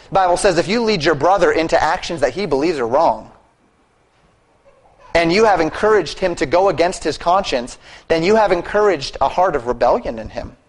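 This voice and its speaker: Male pastor mid-sermon, earnest exhorter, voice sits a bit high. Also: poor audio. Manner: earnest, exhorting, shifts volume for emphasis.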